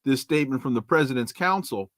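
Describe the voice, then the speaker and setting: A male podcast host from California asks long, deliberate questions at a middle pitch. He stresses key words and restarts his phrases. The recording is dry, with no room echo. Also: lively intonation, fairly bright tone. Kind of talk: interview questions.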